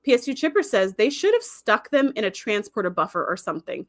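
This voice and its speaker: A woman's voice: medium pitch, big pitch swings, brisk, a bit bright. A woman hosting a casual livestream, chatting in a rambling way and reading viewer comments aloud. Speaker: livestream host.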